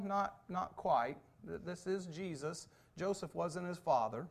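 A man's voice: a little high, animated, measured pace, gravelly, few pauses. A man pastor delivering a sermon, telling a folksy joke and then preaching emphatically.

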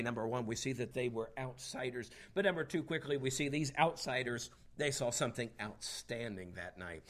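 A man preaching a sermon, moving between quiet, drawn-out phrases and loud, emphatic lines. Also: medium pitch. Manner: dynamic preaching, swings between hushed and emphatic. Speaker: pastor.

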